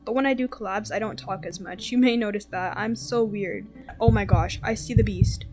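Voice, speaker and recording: A woman giving casual, very talkative gameplay commentary, turning excitable and repeating words when the game gets tense. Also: medium pitch, normal speed. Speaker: gaming video host. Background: game background music.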